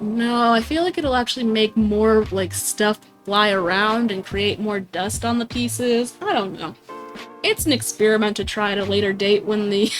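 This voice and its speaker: Slow-talking giggly young woman streamer. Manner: giggly, swears casually, voices others in high squeaks. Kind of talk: casual livestream chat.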